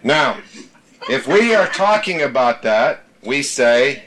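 A man's voice: medium pitch, big pitch swings, slow pace, fairly bright tone. A man leading a small-group Bible study, teaching emphatically, repeating his points and reading scripture aloud.

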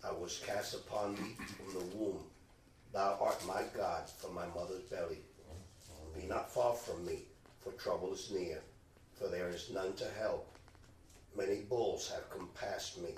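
A man reading scripture aloud in a slow, measured way at a Bible study, now and then stumbling on a word. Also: low-pitched, fairly even intonation, slight background noise. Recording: echoey room, distant mic, faint background.

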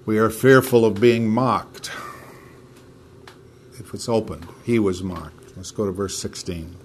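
Man, low voice, preaching sermon, unwell, reads scripture louder, faint hiss behind. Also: fairly even intonation. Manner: reads scripture aloud louder, halting asides. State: unwell, hurting.

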